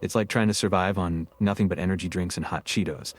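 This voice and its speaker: A man with a very low, deep voice narrates history on a scripted podcast. He tells it in a wry, joking way and keeps a casual, storytelling tone. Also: fairly even intonation, fast. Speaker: co-host.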